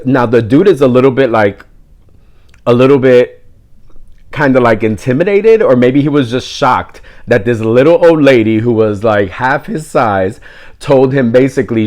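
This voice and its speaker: A man telling a story in casual, animated fashion, joking and going off on tangents, dropping in Spanish words. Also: mid-range voice, normal speed.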